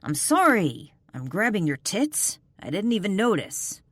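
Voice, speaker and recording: A woman's voice: medium pitch, very animated, unhurried, no echo, voice pushed up. A woman narrator voicing a cocky, teasing male warrior leader who barks orders. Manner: dry, teasing, then barking orders.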